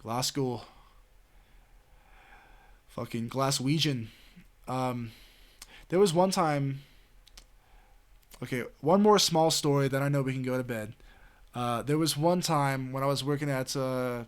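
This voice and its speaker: A man's voice: medium pitch, a little slow, long pauses, clean tone. Male streamer, Southwestern US. Casual, meandering chat with plenty of filler and cursing, mid-range voice. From Southwestern United States. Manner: rambling, full of "you know" and "like", swears freely.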